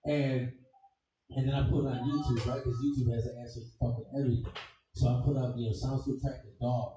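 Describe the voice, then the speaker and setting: A man's voice: medium pitch, steady tone, fast, dark tone, very echoey, distant mic, dull audio, slight background noise. A man from Chicago doing a crude, rambling stand-up comedy set, swearing constantly. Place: comedy club stage.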